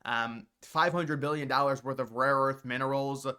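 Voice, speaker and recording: Opinionated man, bright voice. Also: medium pitch, steady tone, moderate pace, clean tone. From United States. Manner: opinionated, talks off the cuff with restarts. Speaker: political commentary vlogger. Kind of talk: casual political commentary.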